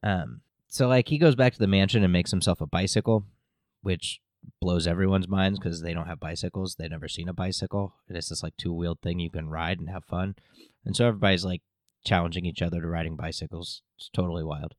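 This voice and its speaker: Low-voiced man rambling through a recap. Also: fairly even intonation, a little fast, dry recording, studio quality. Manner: rambling, filler-heavy, jokey. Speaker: podcast host. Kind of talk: casual episode recap.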